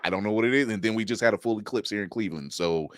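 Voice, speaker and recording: A man's voice: lowish voice, racing, clean tone, no room sound, studio quality. A man co-hosting a podcast, joking around in casual chat and giggling often. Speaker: podcast co-host.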